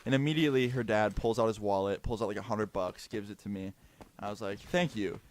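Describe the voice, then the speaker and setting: Young man telling a lowish-voiced story. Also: quick pace. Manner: chatty, animated retelling with many "like" fillers. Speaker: vlogger. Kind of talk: casual storytime.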